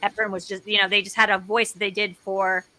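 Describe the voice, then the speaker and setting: Bright, excitable woman co-host. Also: mid-range voice, fairly quick, a little hiss or hum. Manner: excitable, jokey, rambling. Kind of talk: casual chat.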